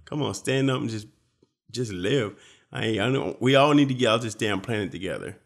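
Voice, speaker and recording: A young man in casual conversation, rambling and profane, sometimes breaking into loud mock speeches. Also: on the low side, expressive, a little fast, vocal fry. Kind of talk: casual chat.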